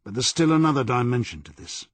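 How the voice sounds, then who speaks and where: A man's voice: mid-range voice, big pitch swings, fast talker, dry recording. A man playing a blunt, persistent police detective in an audiobook, pressing with firm questions.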